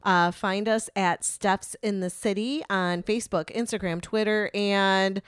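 A woman's voice: medium pitch, fairly even intonation, unhurried, smooth, no room sound. A woman co-hosting a radio show, chatting casually in a rambling, laughing way, a little stuffy in the nose. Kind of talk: casual chat.

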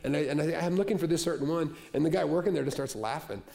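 A male preacher with a fairly high voice speaks to his congregation in a church. He talks plainly and conversationally, repeating key phrases for emphasis. His storytelling turns animated and humorous. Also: fast, gravelly. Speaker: pastor. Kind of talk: sermon.

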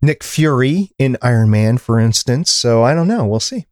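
A man's voice: medium pitch, expressive, moderate pace, darkish tone, no room sound, clean studio sound. Musing man podcast host. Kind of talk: casual chat.

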